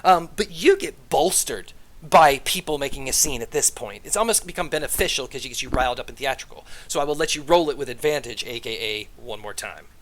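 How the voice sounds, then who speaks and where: A man's voice: mid-range voice, animated, fairly quick, a bit bright. A man narrating as game master of a tabletop game, in a loose, hedging way.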